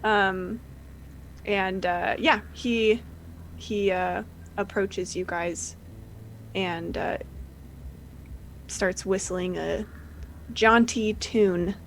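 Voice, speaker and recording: A woman's voice: mid-range voice, very slow, pauses often, slight background noise, rough recording. Woman narrating a tabletop game. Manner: relaxed, with frequent fillers. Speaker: game master.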